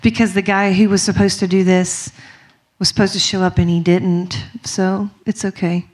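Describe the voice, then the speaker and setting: A woman's voice: mid-range voice, flat delivery, moderate pace, a little mellow. A young woman from Mississippi with a strong Southern accent, chatting casually and giggly with lots of fillers. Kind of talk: casual chat to a group.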